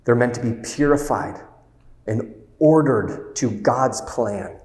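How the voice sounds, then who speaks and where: A man's voice: medium pitch, animated, slow pace, darkish tone. A man giving a retreat talk, earnest and preacherly, stretching key words. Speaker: retreat speaker. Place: retreat venue hall. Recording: roomy hall with long reverb.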